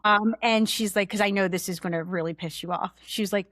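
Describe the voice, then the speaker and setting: A young adult woman guest, a finance executive, chatting candidly in a studio interview, telling stories with lively asides. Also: mid-range voice, brisk, no room sound. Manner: candid, animated storyteller. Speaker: guest, chief financial officer. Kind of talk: casual interview chat.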